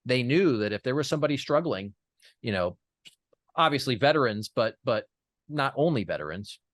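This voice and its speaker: A man's voice: medium pitch, lively intonation, normal speed, fairly bright tone, no echo, clean studio sound. A man as an interview guest, telling a personal story in an earnest way, with many fillers and restarts.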